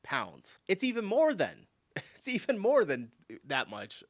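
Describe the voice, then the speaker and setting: A man's voice: sits high, huge pitch swings, takes it slowly, no room sound, clean studio sound. Chatty American man reacting to a clip. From United States. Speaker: reaction video host. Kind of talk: casual reaction commentary.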